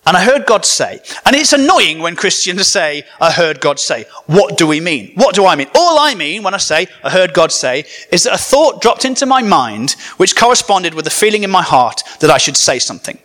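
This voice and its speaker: This northern English preacher speaks in a high, very animated voice, a little fast and with few pauses, his tone fairly bright. His sermon is conversational and funny, full of comic stories and remarks to the congregation.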